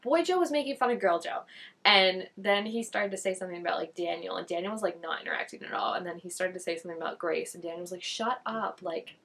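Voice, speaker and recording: Young woman, reaction vlogger, gravelly fry, husky tone, chatty and expressive. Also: lowish voice. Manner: chatty, expressive, quick asides and quoted voices. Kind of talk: casual reaction commentary.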